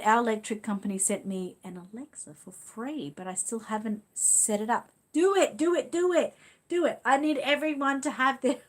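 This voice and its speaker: A woman from Australia with an Australian accent, hosting a casual live stream and chatting as she reads out viewer comments. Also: fairly high pitch. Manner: chatty, reads comments aloud and reacts with small laughs. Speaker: channel host reading viewer comments.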